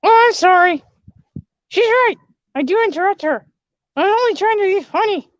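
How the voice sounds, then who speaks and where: Squeaky nervous princess mascot played by a woman, sassy but jittery, very lively pitch, dry sound. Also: moderate pace, no room sound, dull audio. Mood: apologetic. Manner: jittery, apologetic, squealing and whimpering. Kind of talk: comedic skit with a put-on character.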